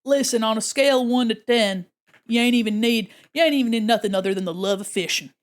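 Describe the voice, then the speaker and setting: A woman's voice: fairly high pitch, fast, lightly acted. A woman doing a brash Southern fishing buff. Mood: boastful. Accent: Southern US, put on. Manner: boastful, folksy, drawling catchphrases. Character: swaggering Southern fishing buff, boastful and folksy. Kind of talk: comedic bit on a live stream.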